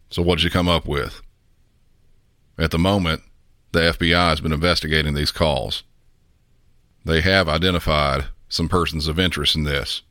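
A man from the Southern United States hosting a podcast, talking in a measured, instructive way and putting questions to the listener. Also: a bass voice, pushed and bright, no echo, studio quality. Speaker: podcast host.

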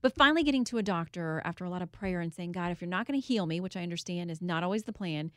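A woman's voice: fairly low pitch, animated, rapid-fire, a bit bright, dry recording, studio quality. A woman guest in an interview, telling a personal story in an earnest, candid way with occasional laughs. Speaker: guest, author and TV host.

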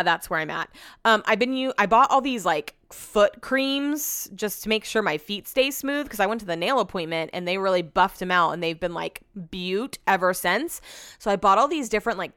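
A young woman hosting a podcast, telling a long personal story in casual, animated chat full of "like" fillers. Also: medium pitch, clear, resonant tone, dry recording, studio quality. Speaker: podcast host.

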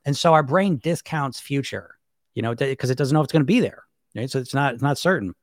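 Speaking fast at medium pitch, a weight-loss coach chats animatedly on a casual live stream, performing the voices in people's heads in shifting tones. It's a dry, studio-quality recording.

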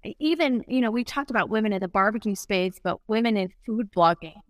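A woman's voice: mid-range voice, expressive, a little fast, dry recording. A woman founder of a barbecue brand, chatting casually in an interview and laughing often.

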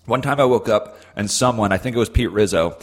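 A man's voice: on the low side, fairly quick. A young adult man co-hosting a podcast, telling rambling stories in a dry, self-deprecating way. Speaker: podcast co-host. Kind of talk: casual chat.

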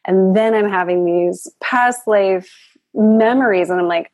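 A woman's voice: medium pitch, a little slow, darkish tone, dry recording. A woman guest on a spiritual podcast, telling her story in a reflective, earnest way.

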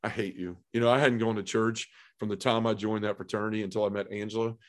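A man's voice: lowish voice, flat delivery, fast talker. A middle-aged man telling his own story as a podcast guest, earnest and heartfelt, with lots of "you know" and "man". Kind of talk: personal testimony in a podcast conversation.

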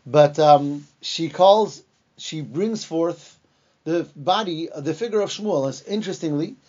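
High-voiced man telling a Bible lesson. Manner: animated retelling, acting out the quoted lines; halting, with fillers and restarts. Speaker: Torah teacher. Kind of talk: storytelling lesson. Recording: dull lo-fi recording.

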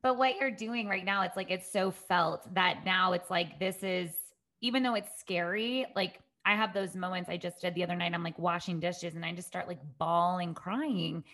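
A woman's voice: fairly low pitch, moderate pace, a bit bright. Woman host, affirming and open, emotional, conversational interview. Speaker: podcast host. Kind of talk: casual interview chat.

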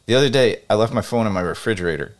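Guy cohosting a podcast, kinda low voice, laughs a lot and speeds up when he gets into a story. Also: lively intonation, very fast. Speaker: podcast co-host. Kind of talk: casual chat.

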